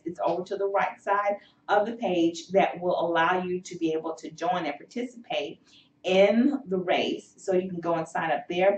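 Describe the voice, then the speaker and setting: Encouraging woman host in a roomy, distant recording. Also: fairly low pitch. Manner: encouraging, faith-filled, many fillers. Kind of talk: health show chat. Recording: roomy, distant, dull sound.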